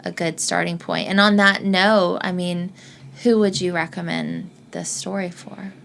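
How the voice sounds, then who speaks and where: A woman hosts a book chat at a slow, easy pace, her voice gravelly with fry. Faint background noise sits under the recording. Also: fairly low pitch, steady tone, fairly bright tone. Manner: unhurried, many short affirmations. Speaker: podcast host. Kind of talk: casual book discussion.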